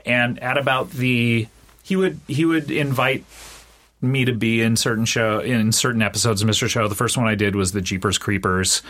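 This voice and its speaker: A middle-aged man, a guest on an interview podcast, telling relaxed stories full of fillers and restarts. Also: moderate pace. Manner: relaxed storyteller with many fillers, mimics others in high voices. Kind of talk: casual chat, telling anecdotes.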